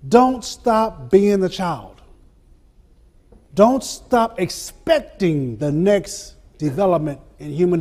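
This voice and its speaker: High-voiced older man giving a motivational speech. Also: darkish tone. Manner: rhythmic repetition and dramatic pauses; laughs through his stories. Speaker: motivational speaker. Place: event venue before an audience.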